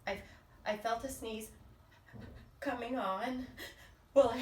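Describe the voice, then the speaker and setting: A woman's voice: on the high side, sing-song, takes it slowly, long pauses, echoey room, recorded from a distance. A woman reading a picture book aloud to children in a playful, exaggerated storybook manner. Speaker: storytime reader.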